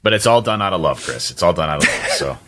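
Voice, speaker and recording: Low, bright-voiced man with dry asides. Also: animated, quick pace. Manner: dry, confirming with short asides. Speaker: friend joining the conversation. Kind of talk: casual chat.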